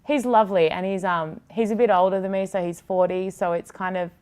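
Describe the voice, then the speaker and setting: A woman's voice: medium pitch, fairly even intonation, fairly quick, darkish tone, clear, resonant tone. A woman in her thirties with an Australian accent, a TV presenter chatting as an interview guest in a rambling way, full of fillers and restarts. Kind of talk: casual interview chat.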